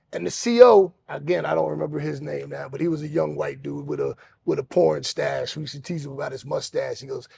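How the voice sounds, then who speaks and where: Gravelly high-voiced man telling a story. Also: no echo. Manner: acts out other voices, shouting and laughing. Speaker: podcast host. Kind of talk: animated storytelling.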